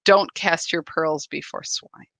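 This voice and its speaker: A big, blunt male Scottish spirit speaks heartily, as a woman puts him on while retelling a story. The voice carries a gravelly edge and sounds close and dry. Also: slow, bright, forceful tone, no room sound, exaggerated voice. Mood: hearty. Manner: blunt, booming.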